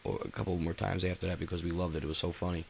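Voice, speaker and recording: A man's voice: sits low, level tone, rapid-fire, gravelly, a little hiss or hum, low-quality recording. A man telling his own life story in a casual, rambling way, swearing freely and stopping often for fillers and restarts. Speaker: autobiography narrator. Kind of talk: casual spoken memoir.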